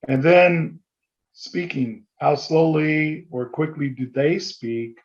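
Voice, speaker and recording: Speaking at a chamber meeting, a man delivers a fast, conversational business training seminar, sometimes acting out sample phone dialogue. His voice is fairly high, and the sound is lo-fi.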